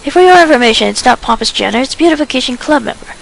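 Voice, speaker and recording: A touchy teenage boy who is quick to argue, speaking with indignation, as a woman puts him on. The voice is a bit high and heavily fried. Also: expressive, vocal fry, slight background noise, rough recording. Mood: indignant. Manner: indignant, argumentative.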